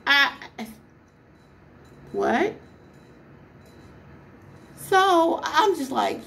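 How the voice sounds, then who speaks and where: Young woman vlogger, fairly high voice, exasperated storytime rant full of rhetorical questions. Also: lively intonation, takes it slowly, vocal fry, long pauses, a bit bright, slight background noise.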